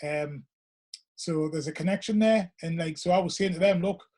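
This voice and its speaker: Man, middle-aged, high-pitched, rambling, filler-heavy casual talk. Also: normal speed, mellow. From Northeast England. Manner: rambling, storytelling with many fillers. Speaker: guest, vinyl DJ. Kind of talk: casual chat.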